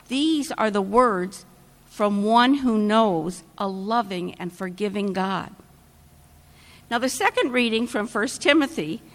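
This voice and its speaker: Woman, sermon, slow measured storytelling, fairly high voice, long church reverb. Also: a bit bright. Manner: measured, storytelling delivery with dramatic pauses. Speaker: preacher.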